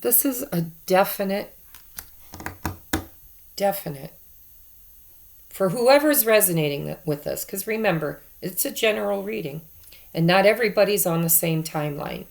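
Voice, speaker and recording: A woman's voice: mid-range voice, animated, moderate pace, vocal fry, pauses often. A woman giving a casual tarot card reading to her viewers, chatty and repeating herself for emphasis. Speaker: tarot reader.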